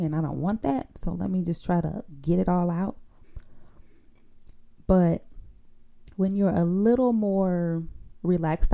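A woman teaching public speaking in a podcast, her voice low and very dark in tone. There is a gravelly fry in it as she works through her points, repeating key lines and checking in with her listeners. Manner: coaching, often adds a tag question for agreement; repeats key phrases for emphasis. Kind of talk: instructional podcast monologue.

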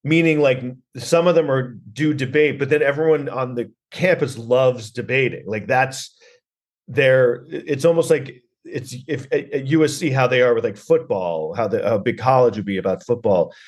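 A man's voice: medium pitch, normal speed. A man hosting a podcast, rambling sarcastically through a comedic movie review. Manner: rambling, sarcastic, lots of restarts and "like". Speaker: podcast host.

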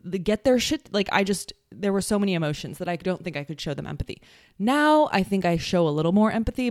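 Woman podcaster talking solo, blunt and sweary, kinda low voice, dry close mic. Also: dry recording. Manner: blunt and profane, with mocking sing-song impressions. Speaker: podcast host. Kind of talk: casual solo podcast talk.

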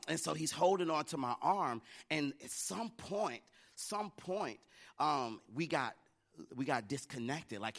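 A man's voice: fairly high pitch, fairly bright tone. A middle-aged man from the United States preaching a sermon, telling a family story in a conversational way that builds to fervent preaching. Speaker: pastor.

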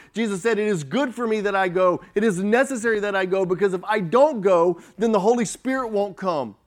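A man preaching a sermon as pastor, slow and emphatic, swelling and dropping his volume. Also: high-pitched.

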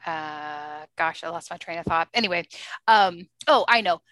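Woman guest, casual anecdote, bright tone, dry close mic, lively and chatty. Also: fairly low pitch, moderate pace, dry recording. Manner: chatty, animated, laughs often. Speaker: interview guest. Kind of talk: casual storytelling.

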